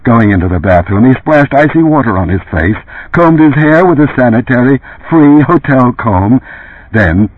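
A man narrating an audiobook with an expressive, varied delivery. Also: mid-range voice, no room sound. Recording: tinny phone-like lo-fi sound.

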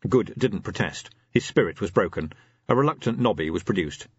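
Male audiobook narrator, expressive storytelling, husky voice, slightly dull recording. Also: on the low side, a little fast, no echo. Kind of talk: scripted fantasy narration.

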